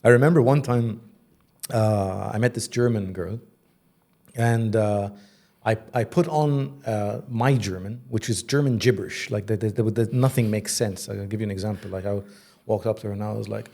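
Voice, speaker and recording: A man's voice: fairly low pitch, normal speed, creaky. A man in his forties, a voice actor and creative director, telling stories animatedly in a casual interview, often laughing. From Egypt. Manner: animated storyteller, slips into mock accents and laughs.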